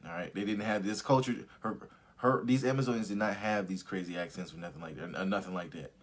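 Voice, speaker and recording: A man's voice: sits low, fast talker. A young man hosting a live movie review, ranting casually with lots of swearing and laughter. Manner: profane, animated, laughs often. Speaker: host of a live review stream.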